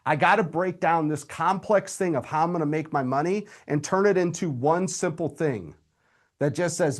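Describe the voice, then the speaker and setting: A man's voice: a little high, normal speed. Upbeat man coaching live. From Indiana, USA. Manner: energetic, direct, talks straight to the audience. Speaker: real estate coach.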